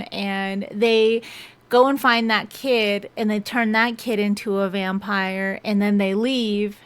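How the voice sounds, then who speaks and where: A woman's voice: mid-range voice, steady tone, a little slow, smooth. A young woman chatting casually as a book reviewer, stringing her retelling of a story together with lots of "and" and "like".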